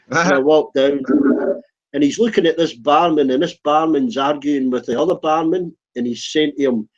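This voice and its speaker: With a fairly high pitch and normal speed, a man chats casually, telling a funny pub story. He rambles and acts out the quotes in this comic anecdote, captured on a dull lo-fi recording.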